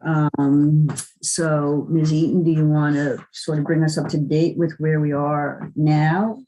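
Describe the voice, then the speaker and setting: A woman's voice: deep voice, level tone, unhurried, mellow, muffled recording. A woman chairing a planning board meeting in a chatty way, with frequent chuckles and fillers. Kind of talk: meeting chat.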